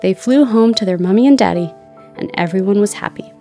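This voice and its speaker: A woman's voice: medium pitch, a little fast, dark tone, faint music behind, close to an everyday voice. A woman reading a storybook, voicing a polite and caring young girl in a sweet, earnest way. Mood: gentle.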